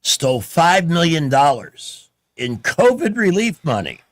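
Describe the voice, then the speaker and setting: A man's voice: on the high side, sing-song, unhurried, dry recording. A man hosting a talk radio show, chatting in a plainspoken and blunt way at a studio microphone. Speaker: radio host. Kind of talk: casual talk radio chat.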